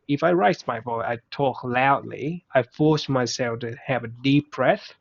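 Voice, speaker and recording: A man whose first language is Vietnamese, giving casual, halting advice in English with many restarts. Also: mid-range voice. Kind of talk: casual conversation. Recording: muffled lo-fi recording.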